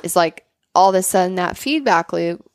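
A woman with a gravelly, slightly low voice talks through health topics in relaxed podcast chat. She keeps it quick and conversational, often tossing in "right?". The sound is close and dry. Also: dry recording. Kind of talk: explanatory casual chat.

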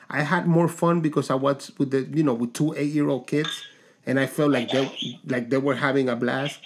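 A man co-hosting a podcast in casual chat, telling stories in a halting way with many restarts. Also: medium pitch, steady tone. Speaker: podcast co-host.

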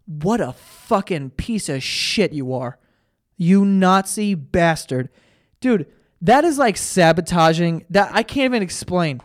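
A young man hosting a podcast alone, ranting profanely and with exasperation, mocking himself between outbursts. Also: on the high side. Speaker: podcast host. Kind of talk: solo comedic rant.

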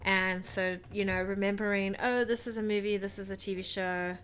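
A woman's voice: medium pitch, little pitch movement, moderate pace, fairly bright tone, smooth. A woman co-hosting a movie podcast, speaking frankly and conversationally. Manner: conversational, frank, laughs easily. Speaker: podcast co-host. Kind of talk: casual movie review chat.

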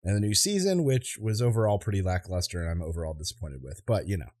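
Low-voiced and fast-talking, this podcast co-host is a man in his thirties, recorded dry. He tells stories with lots of energy, doing the voices of the people in them on a casual show.

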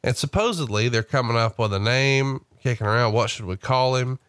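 A man's voice: mid-range voice, fairly quick, fairly bright tone, dry recording, clean studio sound. A man hosting a podcast, telling stories in a casual, chatty way and prompting his guest. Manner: chatty storyteller who reads out quotes. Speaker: host.

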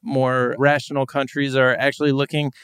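Smooth-voiced man hosting a podcast. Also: medium pitch, level tone, moderate pace, fairly bright tone, no room sound, clean studio sound. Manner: upbeat, introduces guests and topics. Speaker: podcast host. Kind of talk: casual chat.

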